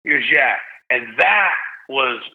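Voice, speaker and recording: A man's voice: mid-range voice, lively intonation, slow pace, gravelly. A man in his forties from Tennessee, a podcast guest telling a story in a casual, slangy way and acting out the voices he quotes. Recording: tinny phone-line sound.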